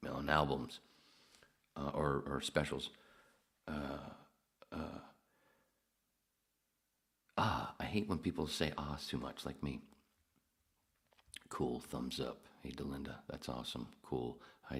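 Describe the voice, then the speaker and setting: Very deep gravelly man chatting. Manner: profane, rambling, reads out chat comments. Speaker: podcast host. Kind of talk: casual solo livestream chat.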